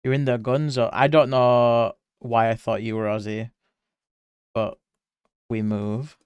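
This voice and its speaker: A man's voice: medium pitch, level tone, unhurried, a little mellow, clean tone, no room sound, dull audio. A man with a British accent, an art streamer chatting casually with his viewers while he draws. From Britain. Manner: reads chat aloud and answers viewers by name, chatty. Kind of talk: casual livestream chat while drawing.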